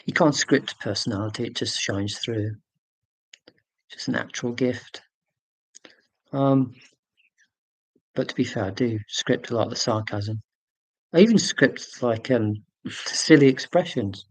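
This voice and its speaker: A man's voice: mid-range voice, unhurried, long pauses, dry recording. Man rambling on a dry live stream. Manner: rambling and self-deprecating, with many fillers; reads out and answers viewer comments. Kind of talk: casual live-stream chat.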